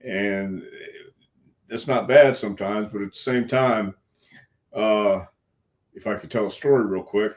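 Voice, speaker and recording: An older man with a low voice, a wrestling coach appearing as an interview guest, tells stories in a casual interview. He speaks a little slowly with long pauses, frank, folksy and earnest with some cussing, while clearing a frog in his throat.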